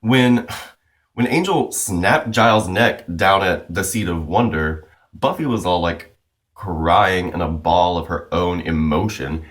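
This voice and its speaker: A man's voice: low-pitched, takes it slowly. A man giving a casual, chatty recap as a comic book reviewer, loose and full of "like" and "you know".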